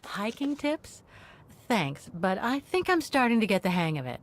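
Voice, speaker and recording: An actress voicing a woman traveler hiking alone through mountains in a video game, making calm, matter-of-fact remarks. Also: mid-range voice, moderate pace, no echo, lightly acted. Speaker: game character.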